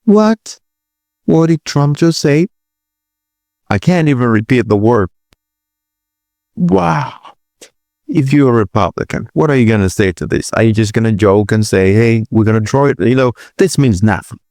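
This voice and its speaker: Hesitant low-voiced man reacting to clips. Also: fast talker, few pauses, darkish tone, no echo, studio quality. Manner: hesitant restarts, incredulous exclamations. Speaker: political commentary host. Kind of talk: reaction commentary.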